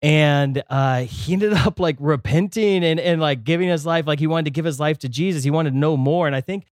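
A young man co-hosting a faith podcast in a studio, telling stories in an animated way with many fillers and restarts. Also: on the high side, brisk, no room sound. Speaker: podcast co-host.

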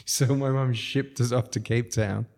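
A man's voice: medium pitch, steady tone, normal speed, creaky, a little mellow. A man from South Africa, a restaurateur guest, telling long rambling stories with frequent chuckles. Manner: rambling, chuckles often, self-interrupting. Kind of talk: casual storytelling.

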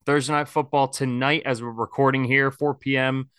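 Man, podcast host, bright tone, smooth clear voice, dry close sound, casual rambling chat. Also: medium pitch, level tone, normal speed, no room sound. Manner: rambling, candid, frequent fillers.

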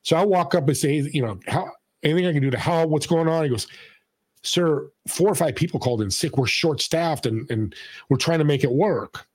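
A man telling a story in casual conversation, acting out the people he quotes with a lively delivery. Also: on the high side, fairly quick, breathy edge, no echo. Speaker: podcast host and guest.

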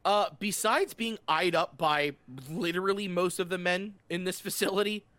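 A man with a slightly high voice runs a tabletop game, narrating the scene in a loose, chatty way. He talks in a relaxed, offhand manner, full of fillers and restarts as he fills in the details. The sound is dry and close, with no room echo. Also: normal speed. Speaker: game master.

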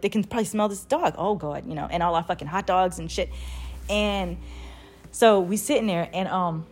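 A young woman telling a story to her viewers in a casual, animated way, swearing freely and laughing as she goes. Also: fairly low pitch. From United States.

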